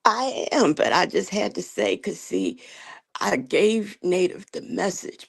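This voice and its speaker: A woman's voice: mid-range voice, unhurried, gravelly, husky. A woman guest on a livestream call, teasing and trash-talking in casual banter. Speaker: panel guest.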